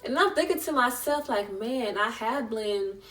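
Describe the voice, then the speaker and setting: A young woman tells a personal storytime in a chatty, emotional way, acting out the people in it. Her voice sits on the high side, and she is a little away from the mic in an indoor room. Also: unhurried, fairly bright tone, far from the mic. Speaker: vlogger. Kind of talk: storytime vlog.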